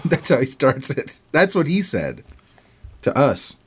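A man's voice: medium pitch, sing-song, takes it slowly, slightly rough. A man with an Australian accent, co-hosting a podcast and reading listener emails aloud, laughing often and stumbling over lines. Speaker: podcast co-host.

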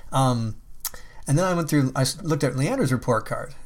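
A man's voice: medium pitch, lively intonation, normal speed. A man chatting casually as a parent, laughing often and swearing easily. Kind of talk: casual chat.

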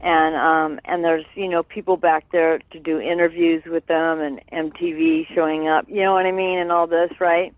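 A man's voice: fairly high pitch, moderate pace, creaky, hardly any pauses, dry recording. A man recalling old memories in an interview, rambling with many fillers and tagging on "right?". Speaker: guest. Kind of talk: reminiscing interview. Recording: tinny phone line.

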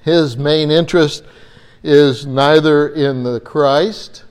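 Slow, earnest male preacher. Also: on the high side, fairly even intonation, darkish tone, clear, resonant tone. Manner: earnest, repeats words as he gathers thoughts. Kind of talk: Bible-teaching sermon.

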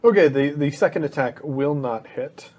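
A man narrating combat as game master of a tabletop game, playful and relaxed. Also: fairly high pitch, moderate pace, a little hiss or hum.

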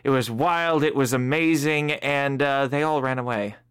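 A man's voice: mid-range voice, moderate pace, fairly bright tone, clear, resonant tone. A man joking around as game master while narrating a tabletop game.

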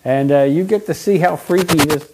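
A man's voice: on the high side, moderate pace, noisy background. A man hosting a podcast in casual joking chat, reading out viewer comments. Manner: jokey, reads out viewer comments. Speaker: podcast host.

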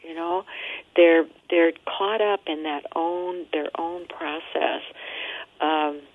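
A woman, a nun and hospice worker, speaking as a guest in an interview about grief and dying, gently and reflectively, often repeating words as she thinks. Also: sits low, slow pace. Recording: tinny phone line.

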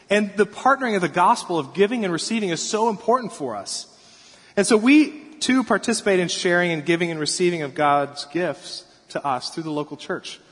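A man in his thirties preaching a sermon as pastor, telling stories about his kids in an animated way. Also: sits high, slightly rough. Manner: storytelling, animated, acts out crying kids. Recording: long hall reverb.

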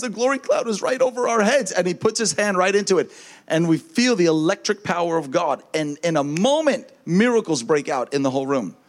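A man preaching as a minister, telling a lively testimony story and acting out the voices of the people in it, often with a laugh. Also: a little high. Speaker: traveling minister.

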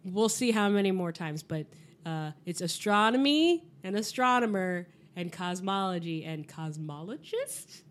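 A woman's voice: medium pitch, expressive, unhurried. A woman co-hosting a podcast in casual chat while sick, talking in a hesitant, rambling, self-deprecating way. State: sick, husky voice. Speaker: podcast co-host.

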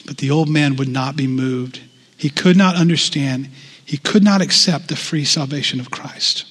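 A man's voice: a little high, a bit bright, big-room sound. A male pastor preaching a sermon in a conversational way, often asking the congregation questions.

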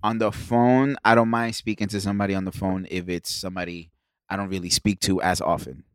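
A young man on a casual podcast telling animated stories, acting out quotes and swearing a lot. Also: low-pitched, a little fast, smooth, no echo, clean studio sound. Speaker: podcast co-host.

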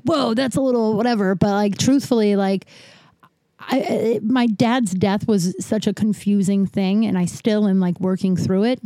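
Woman host, warm dark tone, dry close sound, candid swearing monologue with halting restarts. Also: mid-range voice, no echo. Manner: frank and profane, halting with restarts. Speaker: podcast host.

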